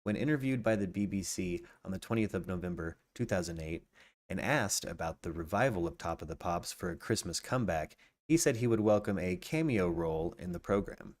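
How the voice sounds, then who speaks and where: This podcast host speaks in a low, animated voice at a slightly fast clip. Hosting a live true crime stream, he alternates between reading facts aloud and chatting casually with viewers, greeting the chat and frequently starting over.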